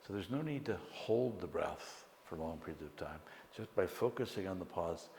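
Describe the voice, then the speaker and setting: A man teaching meditation, speaking slowly and calmly with long pauses between phrases. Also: low-pitched, gravelly, a little hiss or hum. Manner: slow, calm, pausing between phrases. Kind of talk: guided meditation lecture. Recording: echoey hall with long reverb, faint ambience.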